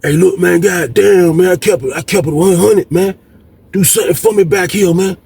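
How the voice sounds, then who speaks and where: A man's voice: high voice, normal speed, vocal fry, a little mellow, husky, pitched above the performer's own voice, heavily acted. A man voicing a pushy male inmate in a jailhouse story who keeps pleading for favors.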